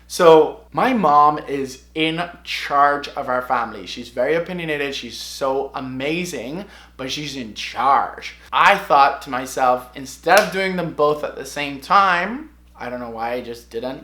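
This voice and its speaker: A man's voice: a little high, pushed and bright. A man in his twenties telling a personal story to camera. He talks expressively and often asks himself questions, then answers them. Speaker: vlogger. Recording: echoey room.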